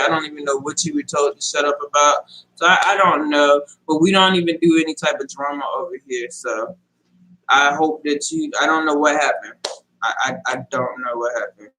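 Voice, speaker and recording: A man with a fairly high, bright, tense voice, talking live to his online viewers in a loose, casual way. His speech is earnest and halting, full of restarts and fillers as he answers the chat. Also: poor audio. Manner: addresses viewers directly and reads out chat comments. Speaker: livestream host. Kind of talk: casual live-stream sign-off talk.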